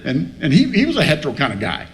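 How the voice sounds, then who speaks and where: A man's voice: on the high side, huge pitch swings, fast. A man telling a blunt, profane story at a recovery meeting and acting out both sides of the talk. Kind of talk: storytelling share with humor.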